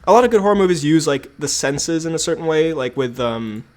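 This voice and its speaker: Male podcast co-host, slightly high voice, loose and rambling with lots of fillers. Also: animated, brisk. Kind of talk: casual chat.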